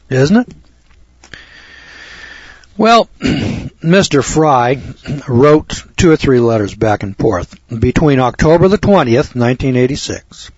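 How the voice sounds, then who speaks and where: A man's voice: medium pitch, breathy edge, no echo. A man lecturing a live audience in an emphatic way, repeating key words and adding wry asides. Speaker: speaker addressing an audience. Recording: dull lo-fi recording.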